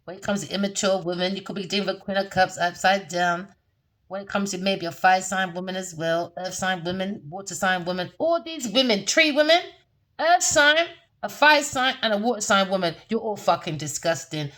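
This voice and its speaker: Brisk and casual, a woman reads tarot in a brash, profane, mocking style. She laughs frequently and alternates between muttering low and erupting in loud, high bursts.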